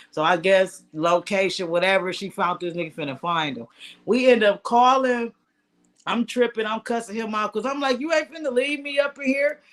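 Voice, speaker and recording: A woman's voice: lowish voice, fairly bright tone. A woman hosting a podcast, telling loose, profane stories in casual chat and talking straight to listeners. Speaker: podcast host.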